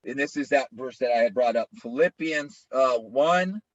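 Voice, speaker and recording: A man's voice: mid-range voice, moderate pace, no room sound. A male pastor preaching an informal, conversational sermon, often checking in with listeners by asking "right?". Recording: dull lo-fi, dry sound.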